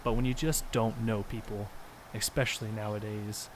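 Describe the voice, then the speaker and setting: A man's voice: fairly low pitch, level tone, normal speed, background noise. A young man co-hosting a podcast, telling a story in an earnest, rambling way with plenty of ums. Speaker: podcast co-host. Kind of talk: casual storytelling.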